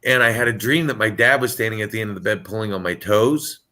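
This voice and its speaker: A man on a video call telling a personal story in a halting, casual way, often repeating words as he starts. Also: lowish voice, fairly even intonation, sharp tone. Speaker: caller sharing a story.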